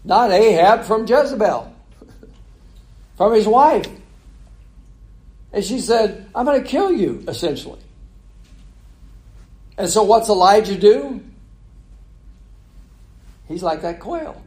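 A man's voice: high-pitched, animated, slow pace, long pauses, darkish tone. A man preaching a conversational sermon, asking the congregation rhetorical questions.

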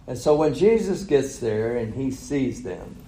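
A man's voice: medium pitch, sing-song, measured pace, dark tone, roomy sound, poor audio. A man preaching a sermon, retelling a story with chuckles and rhetorical questions. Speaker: pastor.

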